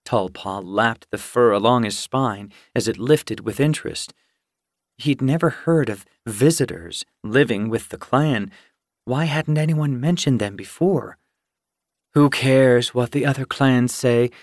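A man narrating an audiobook in a measured storytelling manner. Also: mid-range voice, dry recording, clean studio sound. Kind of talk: scripted narration.

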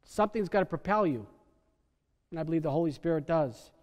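A middle-aged man preaches from the pulpit, his voice pitched high for a man and ringing through a church with a long reverberant tail. He leans hard on key words, then drops to near-quiet before building again. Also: lively intonation, brisk. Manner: emphatic preacher, swings from soft to loud. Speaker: pastor. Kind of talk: sermon. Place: church sanctuary.

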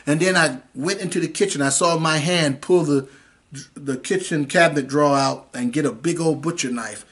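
A man's voice: fairly high pitch, moderate pace, fairly bright tone, husky. A man preaching a sermon over the internet, mixing scripture with a dramatic personal testimony in a folksy manner. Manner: folksy, dramatic storytelling, acts out voices. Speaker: minister.

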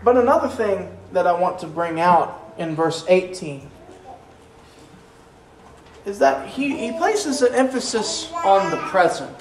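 Earnest preacher in a roomy church. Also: male voice, high-pitched, expressive. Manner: earnest, slows down to stress key phrases, repeats words as he restarts. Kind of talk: sermon. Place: church sanctuary. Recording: roomy echo, mic at a distance, faint room noise.

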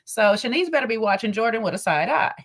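A woman's voice: a little high, animated, quick pace. A woman co-hosting a podcast, giving emphatic, sassy commentary on a reality show and acting out what the cast might say. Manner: emphatic, sassy commentary with mock-quoted lines. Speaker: podcast co-host. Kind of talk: casual reality-TV recap chat.

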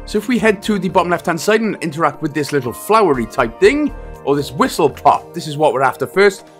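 A man's voice: fairly high pitch, fairly bright tone. A young Welsh man casually narrating a game walkthrough, chatty with jokey asides and frequent fillers. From Wales. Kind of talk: casual gameplay commentary.

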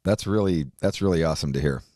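A deep-voiced man hosts a loose, casual podcast. He chimes in with eager, profane reactions. The sound is close and dry, with no room around it. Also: mellow, no room sound. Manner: enthusiastic, swears freely, quick to laugh. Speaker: podcast host. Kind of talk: casual chat.

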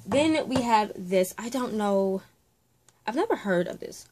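A young woman, a makeup artist, chatting through a casual unboxing vlog, gushing and often dropping into breathy whispered exclamations. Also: mid-range voice, animated, measured pace, darkish tone, a little hiss or hum.

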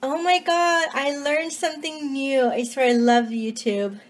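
A woman and mother filming a casual how-to vlog in her home kitchen, talking into an iPad she holds in one hand, chatty and bursting into excited cheers. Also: high voice, unhurried. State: out of breath. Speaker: home DIY vlogger and mother. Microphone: iPad held in one hand. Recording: noisy home recording.

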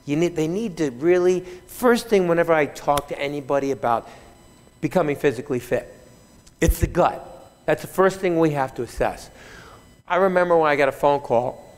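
A man, a fitness trainer, telling stories in an animated, chatty way at a conference, often chuckling as he speaks. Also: on the high side, normal speed. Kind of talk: keynote storytelling. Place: large conference hall. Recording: reverberant conference hall.

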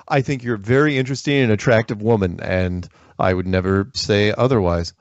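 A man's voice: on the low side, fairly quick, few pauses, no echo, highs cut off. A man hosting a call-in show, joking and rambling, laughing often. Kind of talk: casual call-in chat.

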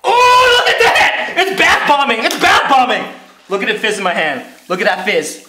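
An excited man hosting an unboxing vlog from his bathtub, shouting and giggling a lot. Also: high-pitched, moderate pace, noisy background. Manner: hyper, shouty, giggly, lots of slang. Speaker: vlogger host. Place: in a bathtub at home. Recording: echoey bathroom with background music.

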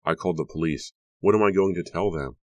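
A man's voice: low-pitched, quick pace, a little mellow, no room sound, natural voice. A man reading an audiobook, voicing a nervous, embarrassed teenage girl who stumbles over her words. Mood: flustered. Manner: nervous, flustered, apologetic.

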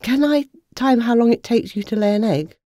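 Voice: mid-range voice, normal speed, warm tone, no echo, studio quality, voice pushed up, close to an everyday voice. A storyteller voicing Eva, a small timid egg timer who stutters.

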